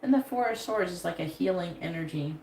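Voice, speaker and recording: In an echoey room with faint noise behind her, a tarot reader swears freely while handing out blunt advice during a live reading. She speaks briskly in a fairly low, creaky, darkish voice that is quite expressive.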